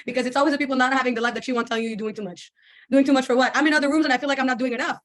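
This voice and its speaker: A woman leading a motivational team call over video, animated and acting out the voices she quotes. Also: on the high side, racing. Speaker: network marketing team leader.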